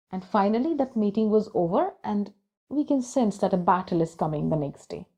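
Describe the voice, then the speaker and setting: Mellow-voiced woman telling a story casually. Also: medium pitch, highs cut off. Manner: conversational, with fillers and restarts. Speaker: book channel storyteller.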